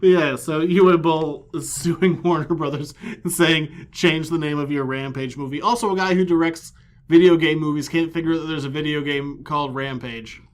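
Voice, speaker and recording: A man co-hosting a pop culture podcast, chatting casually in a sarcastic, animated way. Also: on the high side, normal speed. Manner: animated, sarcastic, reads quotes aloud with mocking emphasis. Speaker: podcast co-host. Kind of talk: casual chat.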